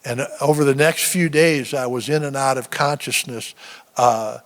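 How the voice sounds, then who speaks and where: A man in his seventies, a veteran and guest speaker, giving a personal testimony sermon in halting storytelling with many restarts. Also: mid-range voice, fairly bright tone. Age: 70s. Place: church sanctuary. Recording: long church-hall reverb.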